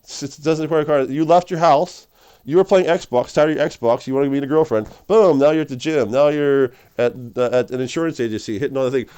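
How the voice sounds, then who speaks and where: A man's voice: on the high side, brisk, dark tone, clean tone, dry recording. A man rambling casually to camera as a vlogger, laughing often and calling the listener dude and man.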